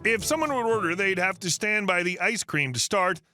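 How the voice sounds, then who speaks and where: Bright high-voiced male story narrator. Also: lively intonation, moderate pace, soft background music. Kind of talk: scripted narration of online stories.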